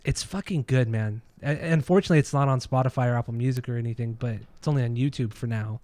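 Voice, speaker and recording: A man's voice: mid-range voice, fast, a little mellow, dry recording. A man co-hosting a casual podcast about records and bands. He argues his tastes bluntly and swears freely. His voice is recorded dry and close, with no room sound around it. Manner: opinionated, swears freely, argumentative. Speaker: podcast co-host.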